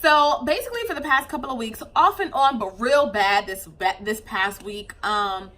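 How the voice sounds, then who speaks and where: Chatty bright-voiced young woman vlogger. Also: on the high side, normal speed. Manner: chatty, animated, loose with fillers. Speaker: mom vlogger. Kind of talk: casual chat to camera.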